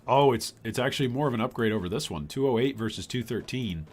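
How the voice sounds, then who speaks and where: Lively older man streaming a game. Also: medium pitch, fast talker. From Michigan. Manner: chatty, reads chat aloud, bursts of excitement. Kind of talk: live gameplay commentary.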